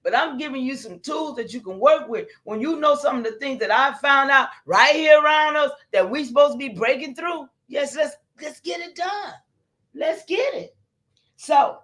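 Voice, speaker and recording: A middle-aged woman preaches on a livestream in a high voice. She talks straight to her viewers, excitable and insistent. Often she breaks into shouts. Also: normal speed. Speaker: livestream host. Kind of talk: impassioned livestream talk.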